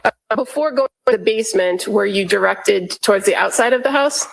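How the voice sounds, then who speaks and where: A woman prosecutor questioning a witness in a courtroom, in measured, methodical questions with frequent pauses. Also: medium pitch, gravelly. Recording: echoey courtroom audio.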